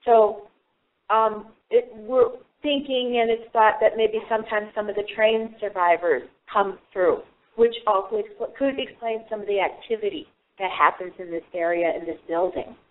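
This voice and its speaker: A woman co-hosting a live paranormal investigation broadcast, speaking in a hesitant, halting way. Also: mid-range voice. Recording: tinny phone-line sound.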